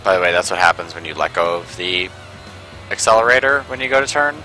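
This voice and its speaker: A man's voice: low-pitched, expressive, fast talker, pushed and bright, soft background music, rough recording. A man giving casual let's-play commentary, rambling and sarcastic, full of "like" and asides. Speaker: gameplay commentator.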